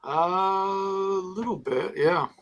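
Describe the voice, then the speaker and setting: A man who is a guest on a live call-in show, talking in a soft-spoken, hesitant way. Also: high-pitched, slow pace. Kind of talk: casual call-in chat.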